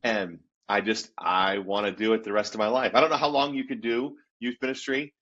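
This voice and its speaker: Husky-voiced man in his fifties. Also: fairly low pitch, a little fast. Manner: animated, laughing storyteller. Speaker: youth pastor, guest. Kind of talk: casual storytelling interview. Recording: dull lo-fi sound.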